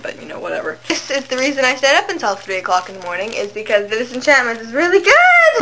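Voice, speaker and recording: A woman's voice: on the high side, sharp tone, slight background noise, low-quality recording. A young woman book vlogger chatting to her webcam at home, rambling, giggly and self-mocking. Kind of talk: casual chat to camera.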